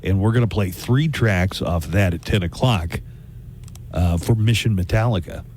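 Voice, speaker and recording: Chatty lower-voiced male radio host. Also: normal speed, darkish tone, slight background noise. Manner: chatty, jokey, rambling asides. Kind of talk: casual on-air chat. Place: radio studio. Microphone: studio microphone.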